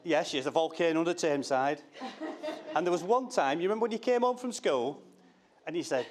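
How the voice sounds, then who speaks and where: A man's voice: a little high, expressive, fairly quick, darkish tone. A middle-aged father delivers a wedding speech, reading from his notes in a slightly raised voice. He teases his daughter, breaks off with little asides, and chuckles at his own jokes. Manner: jokey, teasing, self-interrupting. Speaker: father of the bride.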